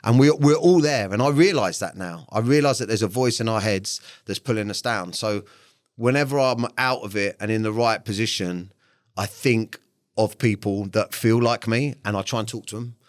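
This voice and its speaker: A man's voice: lowish voice, moderate pace, dry recording, clean studio sound. A man, speaking as a podcast guest in a blunt, frank way, swearing freely and often stopping to restart his sentences. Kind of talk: candid interview talk.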